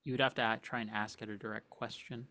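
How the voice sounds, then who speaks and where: A man's voice: on the low side, level tone, quick pace, sharp tone. A man running a tabletop game as game master, describing scenes with frequent restarts.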